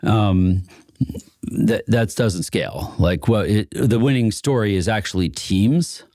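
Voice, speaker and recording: Low-voiced chatty man telling stories. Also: slow pace, dark tone, no echo, studio quality. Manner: chatty, laughs often, many fillers and restarts. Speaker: guest who supports inventors. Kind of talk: casual storytelling chat.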